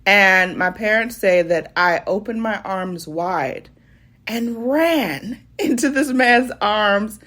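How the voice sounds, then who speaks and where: A young woman with a medium-pitched voice tells a funny personal story straight to her viewers. She is animated and laughs often as she talks. She calls her audience y'all. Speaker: vlogger. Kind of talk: casual storytelling to camera.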